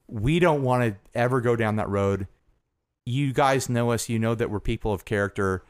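A man's voice: medium pitch, moderate pace, clean tone, dry recording, studio quality. A man co-hosting a podcast in casual chat, talking earnestly and rambling with restarts. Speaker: podcast co-host.

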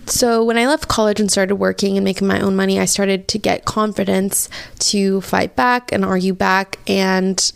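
A woman's voice: medium pitch, level tone, moderate pace, vocal fry, clean tone. A young woman in her twenties hosting a podcast, telling a personal story candidly and emotionally with many "like" fillers. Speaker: podcast host.

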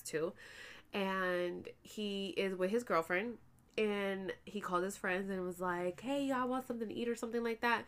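A pregnant, tired woman chatting casually to her viewers as a vlogger, animated and swearing freely. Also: medium pitch. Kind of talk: casual chat to camera.

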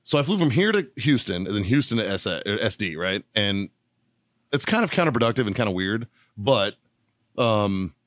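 A man's voice: fairly low pitch, sing-song, moderate pace, a bit bright, no room sound. Profane rambling male podcast host, dry studio. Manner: rambling, profane, laughs through stories. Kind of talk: casual profane storytelling.

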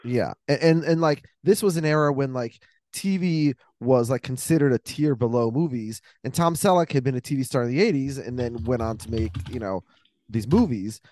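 A man's voice: medium pitch, animated, normal speed, a little mellow, no echo. A man hosting a casual podcast chat, thinking aloud and rambling between points. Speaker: podcast host.

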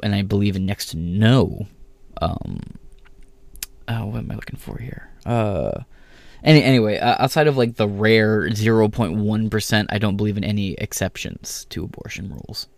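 A man's voice: on the low side, normal speed, vocal fry, darkish tone, dry recording. A man from the United States ranting in a vlog monologue, swearing constantly and mocking other people by mimicking them. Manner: profane, heated, swears constantly. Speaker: vlogger.

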